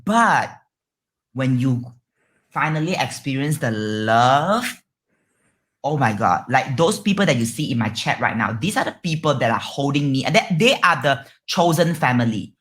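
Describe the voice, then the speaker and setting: A woman's voice: extremely low pitch, expressive, moderate pace. A woman from Malaysia with a Malaysian English accent, a guest on a podcast, talking candidly in a bubbly, outspoken way and swearing freely. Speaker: guest streamer.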